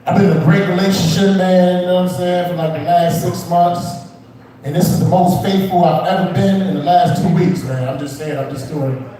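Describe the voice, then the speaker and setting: High-voiced man doing loose stand-up. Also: steady tone, a little fast, warm tone, distant mic. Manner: loose, rambling, swearing, crowd-work asides. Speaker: stand-up comedian. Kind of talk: stand-up set at an open mic. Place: small comedy club. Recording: roomy echo, off-mic.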